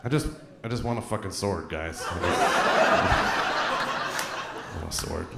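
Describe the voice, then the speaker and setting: A man with a Canadian accent doing a stand-up comedy set, acting out characters with shouting bits. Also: low-pitched, moderate pace, creaky, heavy background noise. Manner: animated, acts out shouting characters. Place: theater stage before a live audience. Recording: roomy venue with loud crowd laughter.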